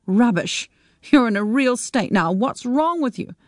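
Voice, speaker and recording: Woman reading as a brisk blunt friend, no nonsense, close dry voice. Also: fairly high pitch, expressive, no echo, pitched above the performer's own voice. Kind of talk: radio book reading.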